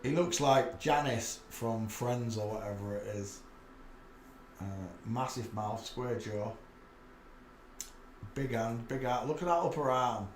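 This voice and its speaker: A man's voice: medium pitch, slow pace, pauses often, echoey room, slight background noise. Yorkshire man muttering screen commentary. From England. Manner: muttered running commentary, thinking aloud. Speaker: channel host. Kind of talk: casual commentary while browsing images.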